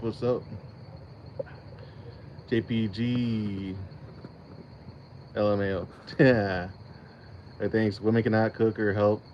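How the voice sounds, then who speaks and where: A man's voice: fairly low pitch, slight background noise. A man hosting a casual livestream, rambling and swearing freely, often breaking into laughter. His audio is a little dull. Crickets chirp faintly in the background. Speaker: channel host.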